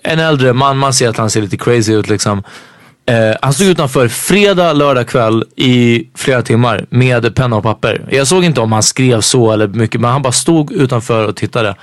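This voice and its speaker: A man from Sweden, a podcast co-host, chats casually and hesitantly with lots of filler sounds. His voice sits at a middle pitch. He is close on a dry studio mic. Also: a little fast, dry recording. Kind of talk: casual chat.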